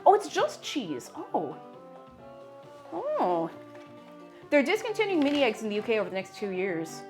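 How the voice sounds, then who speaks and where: A woman's voice: fairly high pitch, huge pitch swings, normal speed, a little mellow, faint music behind. A woman streaming herself baking, chatting casually and greeting viewers by name. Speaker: baking livestreamer. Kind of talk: casual chat while baking.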